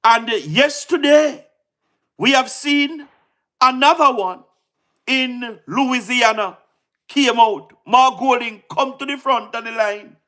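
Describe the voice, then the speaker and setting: A Jamaican man with a very high voice, doing casual livestream commentary. He talks in an excitable rush, repeating words and firing rhetorical questions at his viewers. He laughs often between points. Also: slow.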